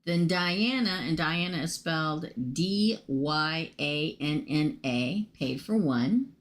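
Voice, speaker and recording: Hosting a relaxed live tarot reading, a woman who is losing her voice chats excitedly with viewers, addressing each by name. Her voice sits low and she speaks at a slow pace.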